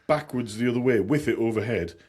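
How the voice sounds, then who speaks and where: A man's voice: mid-range voice, fast talker, a little mellow, husky. A man co-hosting a casual podcast chat, laid-back and rambling, swearing freely with lots of fillers. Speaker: podcast co-host and commentator.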